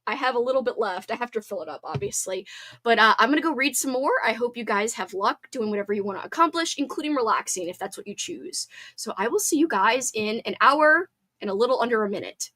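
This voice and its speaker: A chatty woman hosting a live stream, bubbly and quick to apologize, with a nose stuffed up from talking too long. Her voice sits a little high and breaks into laughter now and then. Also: animated, pushed and bright. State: congested, sniffling. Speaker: livestream host. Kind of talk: casual live-stream chat.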